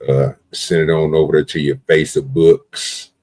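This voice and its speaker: A man's voice: a bass voice, level tone, measured pace, a little mellow. A man hosting a live stream, chatting in a laid-back, rambling, slangy way. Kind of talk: casual live stream chat.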